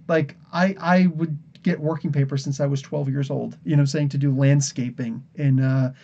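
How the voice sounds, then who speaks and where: Man, from New Jersey, casual podcast host, tired, rambling, laughs a lot, slightly high voice, muffled lo-fi audio. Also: fairly even intonation, normal speed, warm tone. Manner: rambling, chatty, laughs often. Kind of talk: casual livestream chat.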